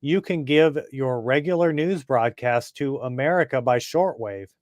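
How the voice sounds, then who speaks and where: A man's voice: mid-range voice, measured pace, darkish tone, no room sound, clean studio sound, lightly acted. A man voicing a grateful, formal male commanding officer in a comic book reading.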